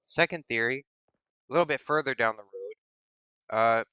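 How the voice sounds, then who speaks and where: A man's voice: mid-range voice, moderate pace, bright, forceful tone, clear, resonant tone, dry recording, dull audio. A man hosting a stream in casual, rambling chat, musing aloud in a playful way. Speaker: streamer host.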